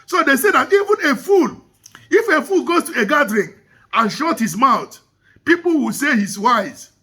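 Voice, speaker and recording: A man delivers a church sermon in a very high, sharp voice with a husky edge. He is emphatic and repeats his key points for the congregation to absorb. His voice carries brightly through the church. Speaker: preacher.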